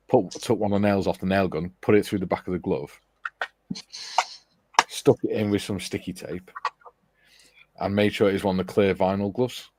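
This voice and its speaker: A man with a deep, slightly mellow voice hosts a casual chat about model building, telling a rambling anecdote. He laughs often as he goes and keeps restarting his sentences; the recording is dry.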